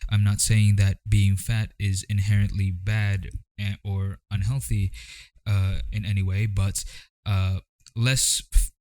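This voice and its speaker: A man's voice: on the low side, flat delivery, takes it slowly, darkish tone, no echo. A young man from the Philippines talking through a casual commentary vlog, rambling with wry, jokey asides. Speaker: vlogger.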